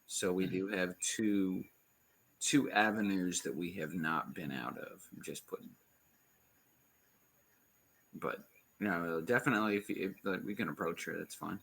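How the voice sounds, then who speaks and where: A man's voice: deep voice, a little slow, long pauses, a bit bright. A man playing in a tabletop game, casually talking through options in a hesitant way. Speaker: player.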